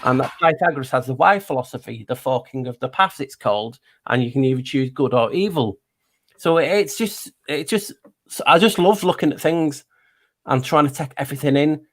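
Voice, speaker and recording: Man, mid pitch, guest, musing, repeats himself. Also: lively intonation, normal speed. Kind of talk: casual chat.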